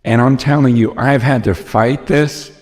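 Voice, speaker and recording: A man's voice: medium pitch, fairly even intonation, unhurried, a little mellow. An American man preaching a sermon, earnest and emphatic, often repeating phrases, recorded in a large church hall. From United States. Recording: long reverb from a large hall.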